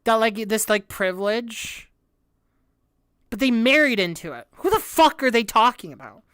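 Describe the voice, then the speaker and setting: A woman's voice: on the high side, expressive, normal speed, a bit bright, clear, resonant tone, no room sound, studio quality. A young woman streaming a music reaction, thinking aloud with hesitant restarts, laughing and swearing as she reads lyrics.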